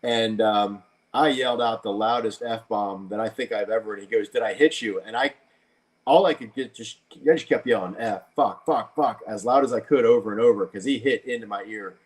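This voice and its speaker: A man's voice: lowish voice, a little fast. A man hosting a podcast, telling a long story in casual chat with many restarts.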